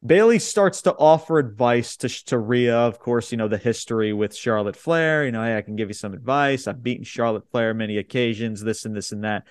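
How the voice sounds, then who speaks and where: A man's voice: medium pitch, fairly quick, hardly any pauses, clear, resonant tone, no echo, studio quality. A man co-hosting a podcast, recapping a wrestling show in casual chat, blunt and swearing freely as he quotes the wrestlers. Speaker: podcast co-host.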